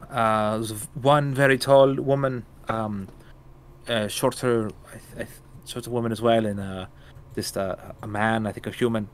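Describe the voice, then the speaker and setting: A man's voice: on the low side, fairly even intonation, slight background noise, lightly acted. A man doing a flustered robbed jeweler. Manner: halting, flustered. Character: shaken middle-aged male jeweler just robbed.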